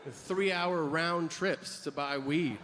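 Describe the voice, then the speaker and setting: A man's voice: on the high side, slow. A man doing stand-up comedy, telling profane stories with lots of acted-out voices. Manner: animated storytelling, profane, many act-outs. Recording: reverberant hall, background noise.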